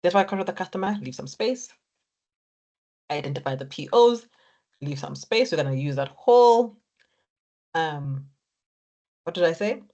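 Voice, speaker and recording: Woman lecturer, low voice, encouraging, walks students through steps. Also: animated, normal speed, long pauses, mellow, dull audio. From Africa. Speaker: accounting lecturer. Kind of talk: exam technique lecture.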